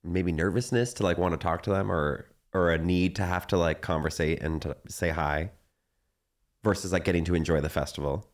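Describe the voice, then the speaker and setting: A young man on a casual podcast, his voice low and deep. He asks questions haltingly, searching for words. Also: steady tone. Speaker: podcast co-host. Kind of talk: casual chat.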